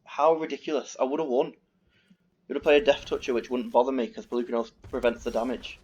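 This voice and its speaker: A man's voice: mid-range voice, steady tone, fast, darkish tone, breathy edge. Brit guy talking through a card game, swears a lot, kinda dull lo-fi mic. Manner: swearing, exasperated ranting. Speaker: gaming video host. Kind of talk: casual game commentary. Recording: dull lo-fi recording.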